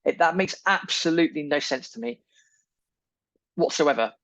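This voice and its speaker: A man's voice: fairly high pitch, lively intonation, moderate pace, fairly bright tone, no echo, poor audio. A man hosting a podcast, delivering an indignant, emphatic opinion monologue full of repeated phrases. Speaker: podcast host.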